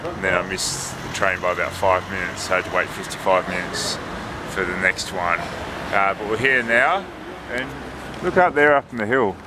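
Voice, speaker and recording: Male travel vlogger, low voice, relaxed and chatty, filming himself outdoors on a windy day. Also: normal speed. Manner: relaxed, chatty, thinking aloud. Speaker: travel vlogger and marathon runner. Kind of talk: casual walking vlog narration. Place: outdoors on a windy lakeside and hillside town. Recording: outdoor recording with wind and traffic noise.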